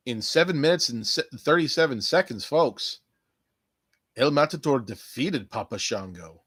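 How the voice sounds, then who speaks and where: A man's voice: mid-range voice, animated, normal speed, fairly bright tone, slightly rough, dry recording. A man hosting a casual solo podcast, rambling and joking with plenty of swearing, talking to listeners who aren't there. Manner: profane, jokey, talks to imagined listeners. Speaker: podcast host.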